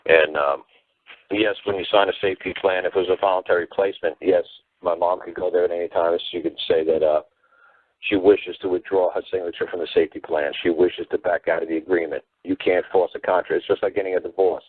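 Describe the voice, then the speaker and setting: A man's voice: low-pitched, steady tone, fast, slightly rough, no echo. A man giving emphatic, rambling advice on a call-in talk show, heard over a phone line. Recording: tinny dry phone line.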